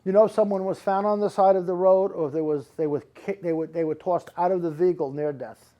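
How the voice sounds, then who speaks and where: A middle-aged man works a live audience as a psychic medium. His voice sits a little high, and he talks in rambling, emphatic runs, repeating words again and again to drive a point home. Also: steady tone, a little fast, mellow, lo-fi sound. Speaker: psychic medium giving readings.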